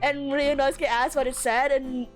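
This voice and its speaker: A young woman streamer chatting casually with her viewers, giggly and gushing, breaking into laughter and excitable outbursts. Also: high-pitched, normal speed, soft background music. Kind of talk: casual live gameplay chat.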